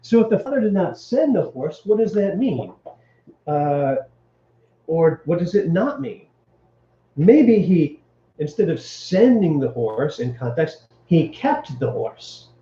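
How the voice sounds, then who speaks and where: A man's voice: on the high side, big pitch swings, takes it slowly, mellow, roomy sound, highs cut off. A man teaching Hebrew grammar to a live stream, explaining step by step and checking in with his listeners. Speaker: Bible teacher.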